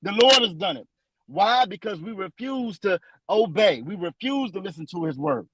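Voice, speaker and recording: A man teaching from scripture in a preaching style, emphatic and repetitive, slowing down to read verses aloud. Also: high voice, lively intonation, background noise. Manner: emphatic and repetitive, restates lines for stress; slows down when reading verses aloud.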